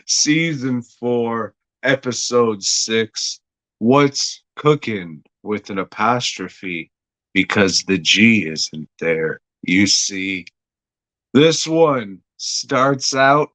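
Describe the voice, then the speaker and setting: A man's voice: mid-range voice, drawn-out words, fairly bright tone, no room sound. A man hosting a podcast, recapping a TV episode in a rambling, profane, jokey way. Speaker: podcast host reviewing a TV episode.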